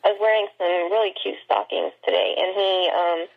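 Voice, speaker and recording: Female guest, mid-pitched with vocal fry; easygoing and giggly, on a muffled remote line. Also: steady tone, brisk. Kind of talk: casual chat.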